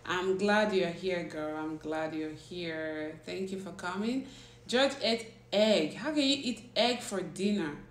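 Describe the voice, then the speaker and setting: A woman's voice: medium pitch, a little slow. A young woman hosting a casual livestream, chatting and teasing as she reads viewers' comments. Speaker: livestream host. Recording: roomy echo with faint background noise.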